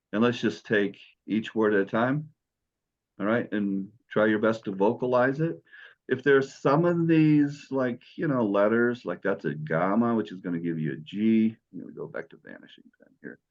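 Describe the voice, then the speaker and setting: A man's voice: fairly low pitch, moderate pace, darkish tone, highs cut off. A man teaching Greek in an online class, patient and encouraging as he explains step by step.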